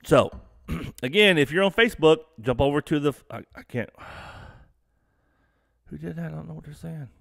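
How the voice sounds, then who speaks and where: A man's voice: fairly high pitch, animated, a little fast, gravelly, a bit bright, no echo. Profane rambling Texan man, dry close sound. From Texas. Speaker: live stream host. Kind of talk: profane casual live stream rant.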